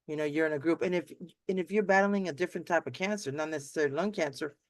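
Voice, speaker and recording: A middle-aged woman hosting a live video chat, rambling warmly with many restarts and acted-out quotes. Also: low-pitched, racing, no room sound. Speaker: host. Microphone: video call.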